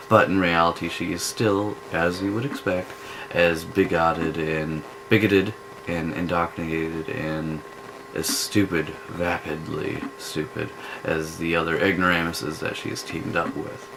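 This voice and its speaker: Slow, gravelly, scornful man. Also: low-pitched, little pitch movement, noisy background. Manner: scornful, rambling, slow drawl with restarts. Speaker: vlogger. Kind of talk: casual spoken commentary.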